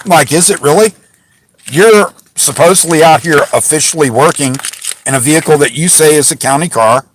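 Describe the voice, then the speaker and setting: A man's voice: a little high, brisk, a little hiss or hum, poor audio. A man ranting casually about a run-in with police, frustrated and indignant, rambling with many restarts and fillers. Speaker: channel host recounting a police encounter. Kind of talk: casual rant to camera. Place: parked car.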